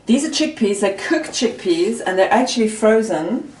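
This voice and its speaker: A woman hosting a casual home cooking show, chatty, giving brisk instructions as she cooks. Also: medium pitch, lively intonation, darkish tone. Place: home kitchen. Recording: roomy kitchen, mic at a distance.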